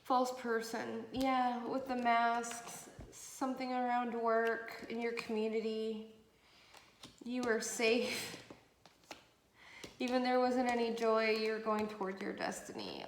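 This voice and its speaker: A woman talks her way through a tarot reading in a loose, rambling way, full of fillers. Her voice has a gravelly edge. The room sounds echoey, with a faint hiss underneath. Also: fairly high pitch. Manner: chatty, rambling, with many fillers. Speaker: tarot reader.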